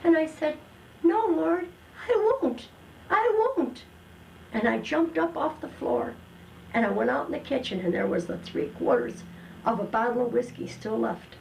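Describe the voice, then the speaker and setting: An older woman telling her personal testimony in an earnest, emotional way, with slow dramatic pauses. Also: mid-range voice, creaky, a little mellow, a little hiss or hum, poor audio. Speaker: testimony guest.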